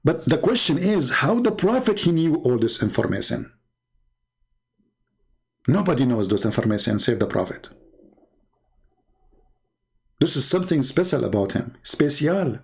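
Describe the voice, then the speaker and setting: Male debate host, middle-aged, gravelly voice, sarcastic and mocking delivery. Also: a little high, big pitch swings, normal speed. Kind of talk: mocking commentary on videos.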